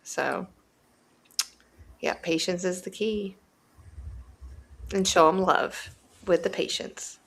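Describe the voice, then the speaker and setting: A woman's voice: on the low side, steady tone, slow pace, pauses often. A woman who works as a teacher, chatting casually and telling stories in a patient, earnest way. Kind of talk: casual chat.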